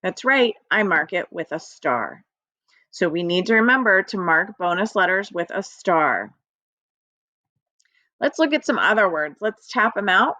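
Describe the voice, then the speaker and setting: A woman's voice: on the low side, big pitch swings, unhurried, pushed and bright, dry recording. A woman teacher giving a recorded phonics lesson to young children, upbeat and sing-song.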